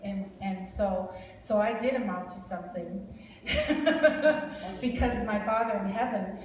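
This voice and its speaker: Speaking slowly at a medium pitch, a guest speaker from Wisconsin prophesies over a family with crowd noise around her. She keeps it informal and chatty, laughing often and wandering into asides. The recording catches her from far off in an echoing large hall.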